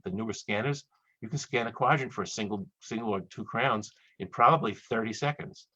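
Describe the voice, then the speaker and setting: A man giving a chatty, joking lecture to dentists over a webinar, quickly acting out little quoted exchanges. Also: fairly low pitch, a bit bright, breathy edge, no echo. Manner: fast, chatty, joking asides, acts out quoted voices. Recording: dull, dry lo-fi webinar audio.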